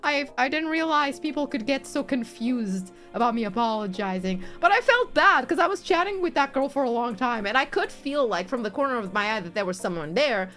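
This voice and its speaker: Woman streamer, high and lively, chatty and giggly, soft music underneath. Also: fairly quick, hardly any pauses. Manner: rambling, chatty, laughs often. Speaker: virtual streamer. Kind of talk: casual chat stream.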